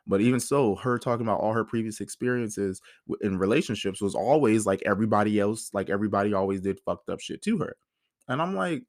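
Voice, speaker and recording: A man in his thirties telling a personal story as a podcast host, heated and animated, swearing often. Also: lowish voice, fast talker, no echo, studio quality. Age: 30s. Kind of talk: casual personal monologue.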